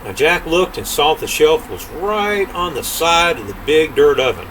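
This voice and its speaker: An older grandfather reading a folk tale aloud in an unhurried, folksy way. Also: on the high side, sing-song, fairly bright tone, a little hiss or hum, poor audio. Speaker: storyteller.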